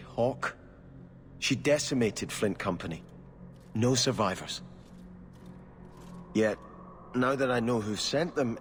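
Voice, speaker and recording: An earnest devout young prince, low voice. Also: male voice, long reverb tail, a little hiss or hum. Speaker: exiled noble. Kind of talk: video game voice acting.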